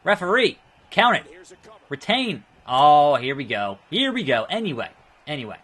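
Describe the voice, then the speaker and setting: A man casually commenting while playing a wrestling video game, chatty and quick to react out loud. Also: a little high, big pitch swings, slightly rough. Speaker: gaming video host. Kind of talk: casual let's play commentary.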